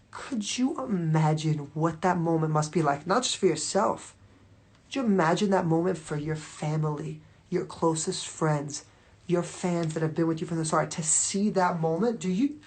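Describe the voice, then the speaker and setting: A woman's voice: lowish voice, gravelly, darkish tone. A woman talking casually to viewers on a phone livestream, rambling and swearing freely with constant fillers. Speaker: livestream host.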